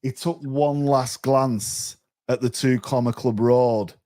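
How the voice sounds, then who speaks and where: A man's voice: mid-range voice, takes it slowly. Chatty man telling a story. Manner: animated, chatty, often repeats words as he restarts. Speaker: guest. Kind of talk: storytelling in a podcast interview.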